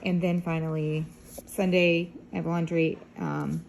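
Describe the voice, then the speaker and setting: Recording herself for her vlog on a phone held out at arm's length, a woman in her thirties rambles casually from her car and then from home. Her voice is lowish, level and a little mellow, her pace measured, with slight background noise behind her.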